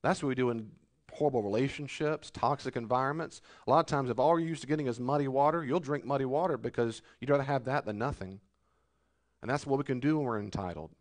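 A male pastor delivers a sermon at a quick pace in a mid-range voice, swinging between loud rebukes and quiet asides. He mocks complainers by putting on whiny voices.

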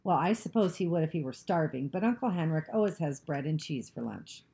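Lady reading as a chatty defiant little girl, pitched up a bit from her low mellow voice, storybook. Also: lively intonation, a little fast, gravelly. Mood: chattering. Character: frightened brave young girl bluffing.

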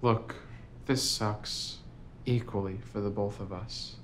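An actor playing a clueless, self-absorbed young boyfriend in a comedy sketch, talking deadpan and self-pitying. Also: male voice, lowish voice, slow pace, slight background noise. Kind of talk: scripted comedy sketch acting.

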